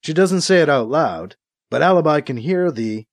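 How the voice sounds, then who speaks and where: A man narrating a science-fiction audiobook in a measured, low-key way. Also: expressive, dry recording, clean studio sound. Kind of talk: scripted narration.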